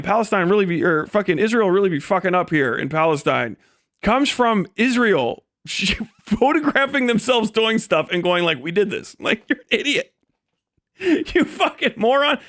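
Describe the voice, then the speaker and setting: A man with a fairly high voice rants on a live stream, profane and mocking, often slipping into sarcastic mimicry. His voice is recorded close and dry, with almost no room sound. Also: sing-song, moderate pace, fairly bright tone, no echo. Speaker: streamer host.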